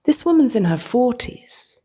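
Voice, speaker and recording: A woman vlogger telling a personal story in a reflective, casual way, slipping into soft whispers. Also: fairly high pitch, big pitch swings, a little slow, husky.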